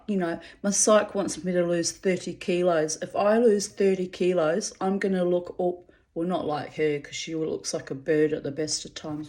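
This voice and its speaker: A woman's voice: lowish voice, a little mellow. A woman in her fifties talking in a rambling personal monologue, chatty and self-mocking, often breaking into laughter. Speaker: vlogger.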